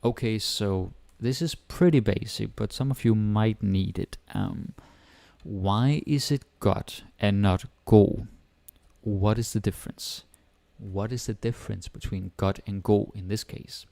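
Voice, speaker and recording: A man with a Danish accent teaching a relaxed language lesson, explaining step by step and switching between English and Danish. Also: fairly low pitch, unhurried, vocal fry, no echo.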